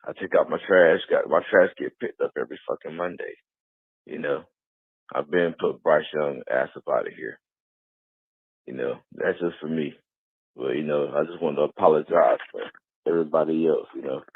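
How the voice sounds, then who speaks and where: Deep-voiced male caller, profane and rambling, tinny phone line. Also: moderate pace, husky, no echo. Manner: profane, rambling, fillers of "you know". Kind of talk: call-in rant.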